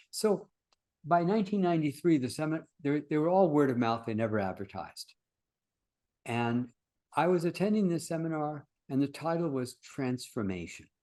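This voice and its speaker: A man's voice: medium pitch, warm tone. An older man, a workshop founder and teacher, talking casually in an interview as an earnest, reflective storyteller.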